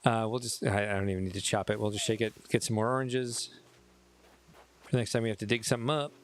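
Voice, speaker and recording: This low-ish, steady male voice moves at a quick clip. He's a streamer with a Chicago accent, slightly tipsy on whiskey, rambling casually through a game livestream, poking fun at himself and talking to his chat.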